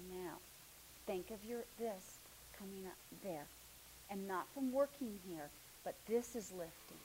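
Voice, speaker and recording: Soft-spoken woman coaching a movement class. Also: mid-range voice, background noise. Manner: coaxing, encouraging, often drops to a near murmur. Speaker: movement instructor. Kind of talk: hands-on class instruction.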